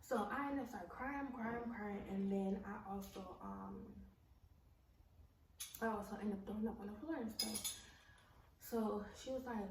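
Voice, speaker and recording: A woman's voice: mid-range voice, normal speed. Cursing woman telling a story in a roomy echo. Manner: blunt and heavy on profanity, many fillers like "like" and "um". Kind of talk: casual storytime vlog. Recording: roomy echo, mic at a distance, faint background noise.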